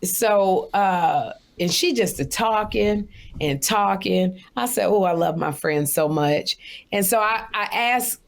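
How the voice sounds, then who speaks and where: A middle-aged woman co-hosting a podcast, telling comic stories in an animated way that swings high when she quotes people. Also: slow pace, vocal fry. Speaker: podcast co-host. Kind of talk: comic storytelling chat.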